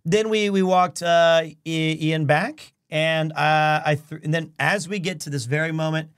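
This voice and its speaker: High-voiced animated storytelling man. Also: measured pace, clean tone. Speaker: live stream host. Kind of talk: casual chat. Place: home in Japan.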